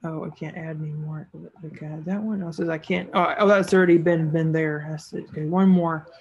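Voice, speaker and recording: A woman's voice: deep voice, steady tone, a little fast, a little mellow, slightly rough, muffled recording. A woman narrating a screen-recorded tutorial as an online seller, casual and thinking aloud as she clicks through each step.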